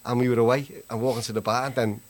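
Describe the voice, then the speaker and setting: A man's voice: mid-range voice, level tone, rapid-fire. A man telling a rambling, laughing anecdote in casual chat. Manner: rambling, laughing, British slang. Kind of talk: casual storytelling.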